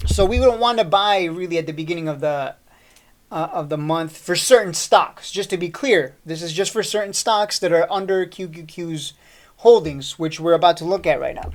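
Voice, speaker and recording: Hosting a stock market video, this man talks through a chart at a normal speed, his voice fairly high and a little mellow. His delivery is casual yet urgent and loose, full of repeated points, rhetorical questions and frequent "uh" restarts.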